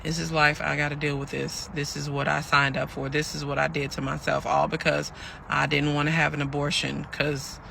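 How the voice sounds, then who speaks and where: A man's voice: fairly high pitch, flat delivery, normal speed, gravelly, pushed and bright, slight background noise, exaggerated voice. A man voicing a weary, aggrieved pregnant woman. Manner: chatty, addresses listeners as y'all, acts out quoted lines. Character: pregnant young woman telling her story, weary and hurt. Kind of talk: storytelling monologue.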